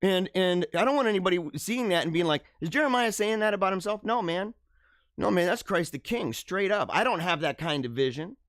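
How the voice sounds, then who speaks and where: Man, live show host, casual chat, laughs a lot, slangy, lively swinging pitch, dry close sound. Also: brisk, no room sound. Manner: animated, laughing, slangy ("dude", "bro", "man").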